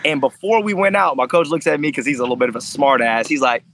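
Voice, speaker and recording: A man's voice: mid-range voice, fast talker, a bit bright, slight background noise, poor audio. A man who fights professionally, telling stories in a casual interview with intensity and freely dropped swear words. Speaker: MMA fighter, interview guest.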